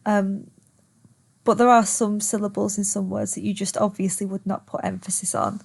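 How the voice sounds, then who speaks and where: A woman gives a recorded online lesson at an ordinary, mid-height pitch. She talks patiently and steps through each point one by one, stretching words out slowly to demonstrate them. Faint keyboard typing can be heard in the background. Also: level tone, gravelly, a little mellow, breathy edge. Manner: patient, explains step by step, stretches words to show stress. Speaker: teacher.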